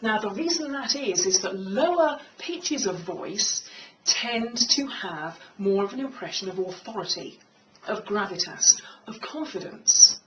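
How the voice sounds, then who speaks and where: A woman speaking coach giving a clear, measured talk on confident speaking, in a room with a piano. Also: lively intonation, far from the mic, a little hiss or hum, low-quality recording. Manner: clear, measured, demonstrates pitch by singing. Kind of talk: instructional talk to camera.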